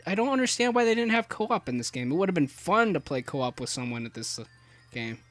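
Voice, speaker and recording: A young man giving rambling, joking commentary as he plays a video game, with lots of restarts and fillers and sudden high excited yelps. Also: fairly quick. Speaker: let's play commentator.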